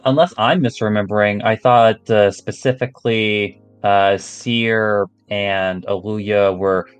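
A man with a lowish voice taking his turn in a tabletop game. He talks slowly and hesitantly, leaning on fillers, while music plays faintly behind him. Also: fairly even intonation, clear, resonant tone. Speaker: player.

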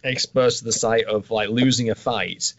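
A man's voice: lowish voice, fairly even intonation, moderate pace. Swearing man, dull sound. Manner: swearing, dry asides, laughs often. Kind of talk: casual chat.

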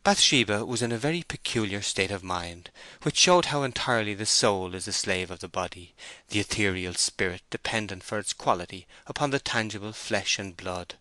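A man narrating a classic novel as an audiobook, in a measured, clear reading style. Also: lowish voice, animated, sharp tone, no echo. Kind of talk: scripted narration.

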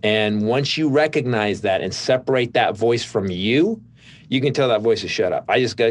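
A man's voice: on the low side, lively intonation, fairly quick. A middle-aged male comedian telling stories in casual conversation, rambling with lots of restarts. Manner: rambling storytelling with many restarts. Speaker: comedian, guest.

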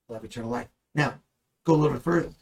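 A man's voice: mid-range voice, racing, a little mellow, poor audio. A man teaching the Bible in a conversational way, earnest and at times emphatic. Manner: earnest, rising to emphatic bursts.

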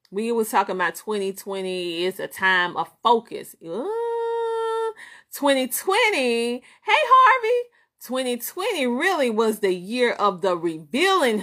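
A woman's voice: mid-range voice, a bit bright. A woman with a Southern US accent, a business coach hosting a motivational live stream, who talks emphatically and repeats her points. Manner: emphatic, repetitive, greets viewers by name. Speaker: business coach and show host.

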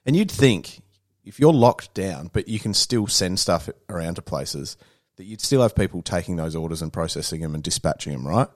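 A man's voice: low-pitched, animated, normal speed, a little mellow. An Australian man in casual podcast chat, swearing freely and acting out the people he quotes. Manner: swears often, acts out quoted dialogue.

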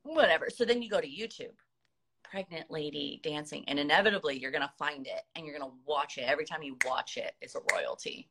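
Chatty woman with a bright voice. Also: low voice, a little fast. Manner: chatty, animated, laughs often. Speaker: podcast guest. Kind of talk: casual storytelling.

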